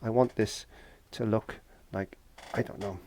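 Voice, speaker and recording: A man's voice: lowish voice, steady tone, measured pace, warm tone. A man from Wales, chatting and joking to himself as he teaches painting in a shed. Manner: chatty, jokey, talks to himself while working. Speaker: painting tutor. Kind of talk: casual painting tutorial. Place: garden shed.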